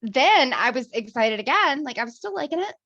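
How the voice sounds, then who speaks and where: A woman co-hosting a casual movie review chat, animated and laughing, swearing freely. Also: high voice, fairly quick, no room sound, dull audio.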